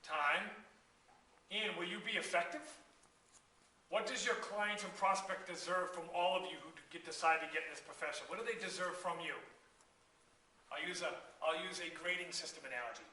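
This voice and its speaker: A man giving an energetic guest lecture on sales to a class of students and asking them questions, recorded from a distance in a classroom. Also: sits high, moderate pace. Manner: energetic, asks the audience questions. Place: university classroom. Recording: echoey room from far off.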